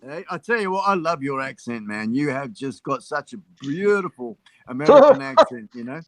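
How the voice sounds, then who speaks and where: Boisterous Australian man, slangy and loud. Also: on the high side, very animated, moderate pace. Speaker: panelist. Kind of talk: casual live-stream chat.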